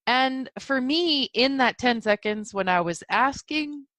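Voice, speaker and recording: A woman's voice: high-pitched, lively intonation, unhurried, a bit bright, no room sound. Giggly, sleepy woman podcast host. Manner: giggly, rambling, spiritual. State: yawning, sleepy. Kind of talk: casual solo podcast talk.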